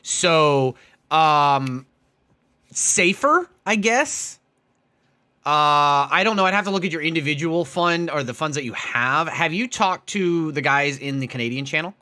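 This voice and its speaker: A man hosting a live stream call-in show, excitable and rambling, with many restarts. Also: on the high side, a little slow, clean tone. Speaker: host.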